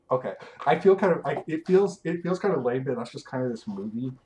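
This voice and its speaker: A man's voice: medium pitch, animated, brisk, mellow. A young adult man co-hosting a podcast, laid-back and hedging, laughing often in casual chat. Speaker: podcast co-host.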